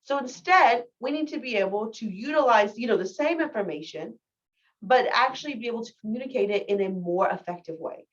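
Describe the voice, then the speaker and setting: A woman's voice: on the high side, animated, a little fast. A woman in her thirties giving a recorded biology lecture in a casual, candid, self-deprecating way. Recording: distant, dull lo-fi mic.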